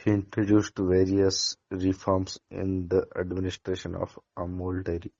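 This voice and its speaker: Brief: low-pitched man, student, reads a lesson slowly with stumbles, dull lo-fi recording. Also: monotone, mellow. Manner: halting reader with small slips and restarts. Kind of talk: reading a textbook lesson aloud.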